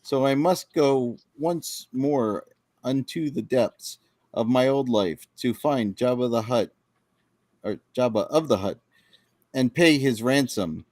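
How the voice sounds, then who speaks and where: Guy reading a cocky space smuggler in shakespeare verse, slow, dry sound. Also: mid-range voice, a little mellow, no echo, close to an everyday voice. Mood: resolute. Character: roguish male space smuggler, proud and restless.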